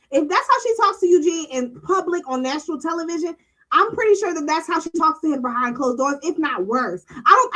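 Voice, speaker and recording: Animated high-voiced woman host. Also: poor audio. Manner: blunt, animated, profane, acts out quotes. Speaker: podcast host recapping a reality show. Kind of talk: casual panel chat.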